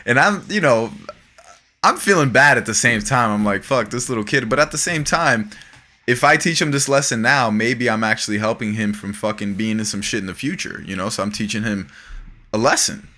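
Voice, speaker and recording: A man hosting a podcast, telling an animated, profane story in casual chat. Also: mid-range voice, normal speed. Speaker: podcast host.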